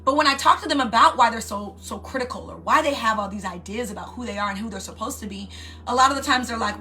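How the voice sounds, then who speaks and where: A woman in her thirties, a life coach giving an animated motivational talk who keeps asking her listeners "right?". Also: on the high side, fast talker, faint music behind.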